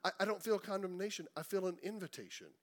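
A middle-aged man preaching a sermon in a conversational way, repeating words and slowing down for emphasis. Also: high-pitched. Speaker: pastor.

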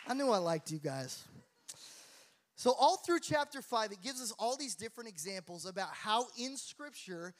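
A man preaching a sermon as the pastor. He tells stories in a lively, joking manner and often laughs at his own tales, then moves into Bible teaching. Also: high-pitched, measured pace, long pauses, a faint crowd. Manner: animated, jokey storyteller who laughs at his own tales. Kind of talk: sermon with storytelling.

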